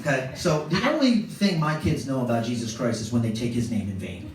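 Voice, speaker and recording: On a club stage, a man in his thirties tells self-deprecating, wry stories as stand-up comedy, speaking a little fast in an expressive, medium-pitched voice. The recording is very noisy, with echo, a distant mic, and laughter from the audience.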